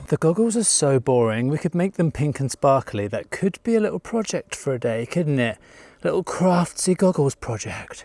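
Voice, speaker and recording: A young man hosting a casual home vlog, playful and camp, breaking into sudden squeals of excitement. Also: a little high, normal speed, a little hiss or hum. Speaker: vlog host.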